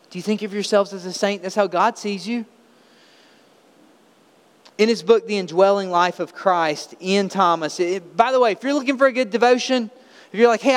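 A male pastor delivers an emphatic sermon full of rhetorical questions. His voice sits high and rings clear. It carries the long reverb of a church hall. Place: church sanctuary.

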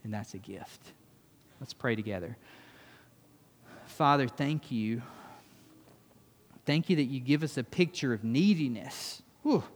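A pastor giving a conversational sermon that turns emphatic, then closes in quiet prayer. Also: male voice, mid-range voice, animated, measured pace. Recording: long reverb of a church hall.

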